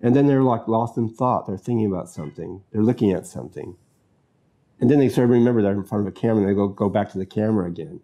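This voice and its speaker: A man's voice: lowish voice, fast talker, mellow, muffled recording. A man hosting his own talk show, musing about films in a loose, rambling way with many fillers and restarts. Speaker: host.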